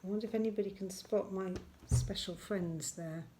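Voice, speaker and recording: Woman, primary teacher, remote lesson for small children: gentle, encouraging, middle pitch, slows down to dictate as she writes. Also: fairly even intonation, background noise. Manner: gentle and encouraging, slowing to dictate words while writing.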